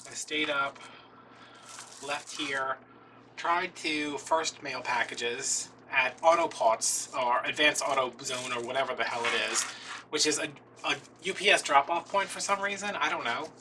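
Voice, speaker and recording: A man's voice: medium pitch, unhurried, sharp tone. A man chatting casually as a craft video host, telling a rambling, self-deprecating story about his day. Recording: distant mic with faint noise.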